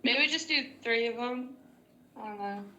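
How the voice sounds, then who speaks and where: A woman's voice: a little high, moderate pace, bright, forceful tone, slight background noise. A woman chatting casually as a player in a tabletop game, hesitant and chatty. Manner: chatty and hesitant, many fillers and restarts. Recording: echoey room recording.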